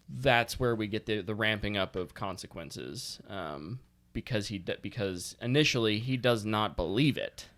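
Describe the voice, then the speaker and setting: A man's voice: lowish voice, fairly bright tone. A man guesting on a podcast, chatting casually in an earnest, rambling way and laughing easily. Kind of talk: casual chat.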